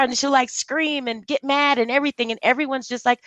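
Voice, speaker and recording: A woman as a podcast guest, speaking in casual conversation, animated and storytelling, mimicking the voices of people she talks about. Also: fairly high pitch, fast, hardly any pauses, no room sound, muffled recording.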